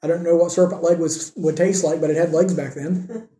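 A man preaching a sermon, asking rhetorical questions and moving between emphatic lines and hushed ones. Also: fairly high pitch, steady tone, fairly quick. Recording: echoey room.

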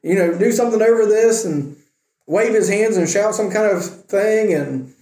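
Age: adult. Sex: man. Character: a man playing a proud, indignant army commander telling a story. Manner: huffy and complaining, with a high voice. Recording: echoey room. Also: normal speed, mellow, close to an everyday voice.

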